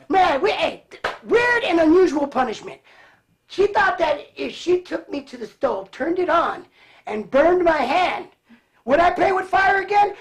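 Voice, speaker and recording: A man from Cleveland who grew up in California, a guest telling animated stories with frequent laughter. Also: very high voice, unhurried. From Cleveland, raised in California. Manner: animated, laughs often, acts out voices. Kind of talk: casual storytelling.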